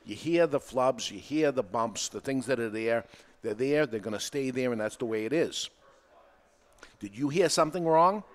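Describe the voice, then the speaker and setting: A man hosting his own podcast, talking in an animated, emphatic, conversational way. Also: medium pitch, moderate pace. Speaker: podcast host. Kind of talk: solo podcast monologue. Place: podcast studio.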